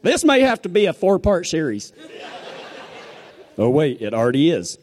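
A man preaching a sermon, telling a folksy story, then pressing his points with emphatic, animated delivery. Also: on the high side, moderate pace, some chatter behind. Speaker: pastor.

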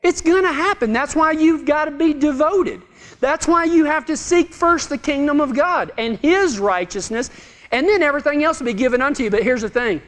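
A man preaching a sermon in a folksy, joking way, swinging from loud to hushed. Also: very high voice, moderate pace. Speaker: pastor. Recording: long hall reverb.

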